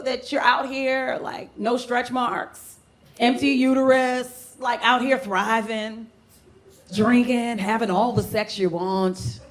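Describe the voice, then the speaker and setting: A woman from Brooklyn doing a loud, playful stand-up comedy set on a club stage. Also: fairly high pitch. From Brooklyn, New York. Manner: brash, loud and playful, slips into mocking voices.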